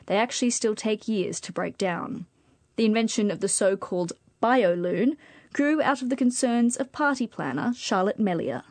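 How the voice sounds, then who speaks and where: A woman presenting radio news in a crisp, scripted way. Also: a little high, no echo. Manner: crisp, even, scripted delivery.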